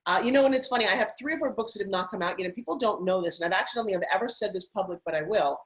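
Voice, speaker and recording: A middle-aged woman, a TV host and spokesperson, telling animated stories as an interview guest. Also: mid-range voice, poor audio. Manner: animated, rapid anecdotal telling. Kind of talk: casual interview storytelling.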